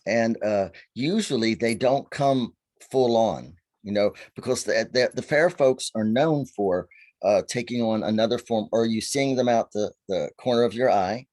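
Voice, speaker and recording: Speaking a little slowly at medium pitch, a faery seer from Virginia, USA, shares stories as a guest on a video call. He's animated and acts out the quotes as he talks.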